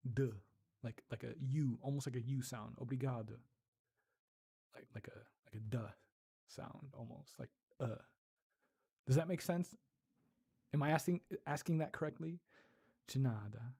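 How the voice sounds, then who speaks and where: Husky, gravelly man chatting on stream. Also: mid-range voice, warm tone. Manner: laughs often, repeats words while trying out pronunciations. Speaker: streamer reading live chat. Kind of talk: casual livestream chat.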